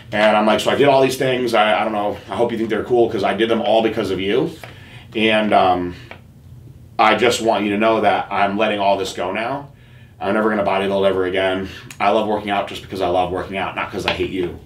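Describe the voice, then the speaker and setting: Guy on a podcast telling a heavy personal story, low voice, kinda halting, roomy sound with a bit of hiss. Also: steady tone. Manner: earnest, halting storytelling with many fillers and restarts. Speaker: podcast host.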